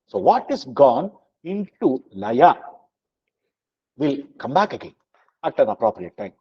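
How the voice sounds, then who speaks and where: A man teaching a scripture lesson, explaining slowly with many fillers and chanting verses. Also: fairly high pitch, dark tone, slightly rough, dull audio. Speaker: spiritual teacher.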